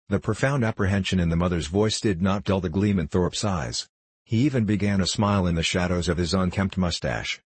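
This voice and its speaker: Low, husky male audiobook narrator. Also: a little fast, no room sound. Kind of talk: scripted narration.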